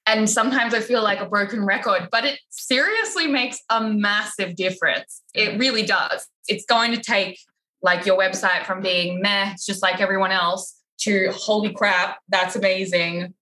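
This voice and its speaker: A woman chatting casually about her photography business, animated and full of filler words. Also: mid-range voice, moderate pace, slight background noise, low-quality recording. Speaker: wedding photographer, podcast guest. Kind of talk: casual podcast chat.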